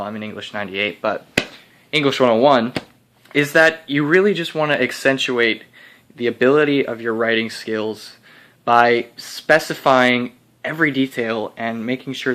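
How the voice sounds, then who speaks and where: A man's voice: mid-range voice, a bit bright. A young man, a college student, giving casual, earnest and somewhat rambling advice on writing. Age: young adult. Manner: earnest, rambling explainer with restarts. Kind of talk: casual instructional video.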